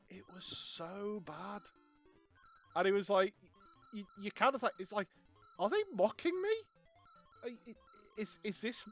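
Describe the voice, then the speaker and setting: Rambling man, slightly high voice. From Wales. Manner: rambling, laughing, many restarts. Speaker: streamer. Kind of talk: casual chat while playing a game.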